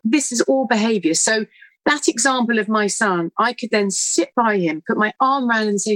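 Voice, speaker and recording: Lively British woman telling anecdotes. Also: mid-range voice, dry recording, low-quality recording. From United Kingdom. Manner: animated, quick, acts out voices in anecdotes. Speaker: guest author. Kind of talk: conversational storytelling.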